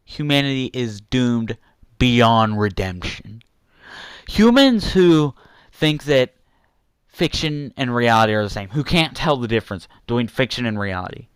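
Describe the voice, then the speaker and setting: Slow, smooth-voiced young man ranting angrily. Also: medium pitch, lively intonation, dry recording. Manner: frustrated, repetitive, insulting, apologetic. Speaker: youtuber ranting to viewers. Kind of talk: angry rant vlog.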